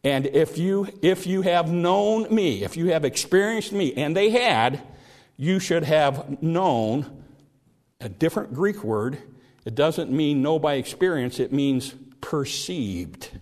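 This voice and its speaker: A man preaching a sermon, explaining scripture verse by verse. He shifts between plain talk to the congregation and slow, emphatic readings of the text. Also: on the high side, lively intonation, a little mellow. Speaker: pastor.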